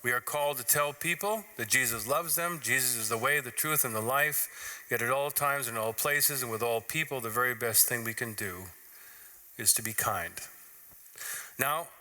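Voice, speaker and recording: A man's voice: medium pitch, moderate pace, bright, forceful tone. A man, a pastor, giving an earnest, conversational sermon in church.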